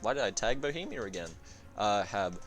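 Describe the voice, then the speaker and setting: A man's voice: on the low side, animated, moderate pace, faint music behind. A man casually reviewing a strategy game, rambling and swearing as he thinks aloud with many fillers. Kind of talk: casual gameplay commentary.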